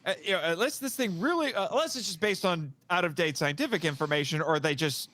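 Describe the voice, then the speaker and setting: A man's voice: high voice, quick pace, a bit bright. A man co-hosting a podcast, chatting casually and meandering, laughing easily. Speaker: podcast co-host.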